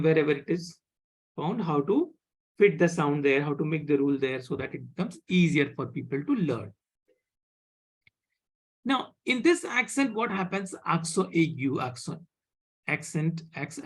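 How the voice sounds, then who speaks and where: A teacher with an Indian accent giving a live online French class, speaking slowly, repeating words and checking with "right?". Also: mid-range voice. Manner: slow, repeats words, asks "right?" often.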